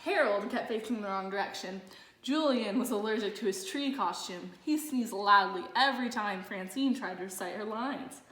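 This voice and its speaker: A woman reading a children's picture book aloud in a lively, expressive storytelling manner. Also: medium pitch, moderate pace, a little hiss or hum. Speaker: storybook narrator. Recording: roomy echo.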